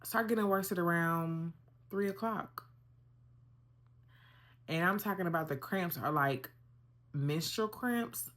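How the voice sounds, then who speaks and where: Young woman vlogger, low voice, animated casual storyteller talking to viewers. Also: a little slow, pauses often. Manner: animated, conversational, addresses viewers as y'all.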